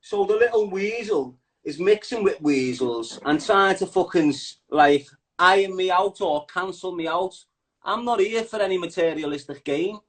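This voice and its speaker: A man's voice: sits high, normal speed. Blunt sweary man. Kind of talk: heated podcast chat.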